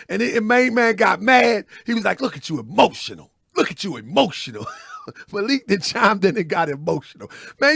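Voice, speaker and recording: A man's voice: high-pitched, a bit bright, no echo, clean studio sound. A man hosting a live online commentary show, preaching in a repetitive way, calling his viewers family and often asking if they follow him. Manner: preachy, repeats phrases, asks "you know what I mean?". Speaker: host.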